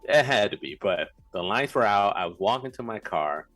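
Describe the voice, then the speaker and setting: A man co-hosting a podcast, telling a story in a rambling, animated way. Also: on the low side, normal speed, soft background music. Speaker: podcast co-host. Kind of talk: casual chat, telling a story.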